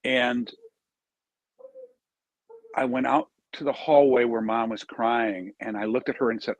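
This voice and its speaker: A man with a husky, slightly breathy voice of middling pitch tells a heartfelt story as an interview guest. He acts out each quoted line with animated feeling. The sound is dry and close. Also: measured pace, long pauses, dry recording. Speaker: charity founder, interview guest.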